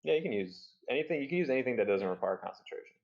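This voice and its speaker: A man's voice: medium pitch, rapid-fire, creaky, dull audio. A man running a tabletop game as dungeon master, narrating the action, explaining rules and laughing along with the players. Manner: animated, laughs often, acts out enemy lines.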